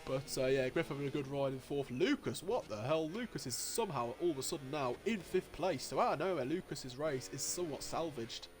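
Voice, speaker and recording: A man giving live commentary on an online motorcycle race, getting excitable and jumping high at the overtakes, with race engine noise behind him. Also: brisk, hardly any pauses, faint music behind. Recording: noisy with engine sounds behind. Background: racing game engine noise.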